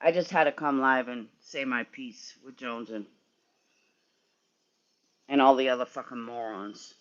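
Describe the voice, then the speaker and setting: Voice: mid-range voice, steady tone, measured pace, highs cut off. A sleepy, yawning streamer rambling and swearing in casual chat with viewers while working in a garage. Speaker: livestreamer.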